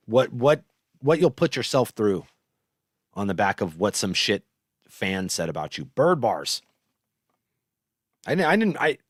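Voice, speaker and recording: A man's voice: mid-range voice, no room sound, studio quality. A man hosting a show, telling stories in a casual, profane, rambling monologue. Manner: profane, animated storytelling. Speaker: host.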